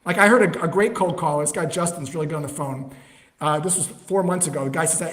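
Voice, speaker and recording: A man with a fairly high voice talks through prospecting calls in a relaxed, conversational podcast style. He acts out both the caller and the prospect with lively energy. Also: fairly quick. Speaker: sales trainer, guest. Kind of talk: conversational explaining with acted call examples.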